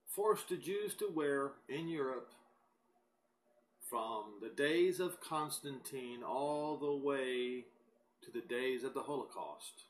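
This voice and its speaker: A man giving a recorded Bible teaching, speaking deliberately and with emphasis, and reading scripture aloud. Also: mid-range voice, low-quality recording. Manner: slow, deliberate and emphatic, pausing between phrases.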